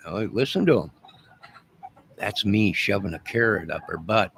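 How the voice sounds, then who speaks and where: A man's voice: on the low side, measured pace, long pauses, fairly bright tone, husky. A man ranting boastfully and mock-menacingly to his viewers in a drawling, rambling way. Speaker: online music and movie channel host. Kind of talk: rambling comic rant to viewers.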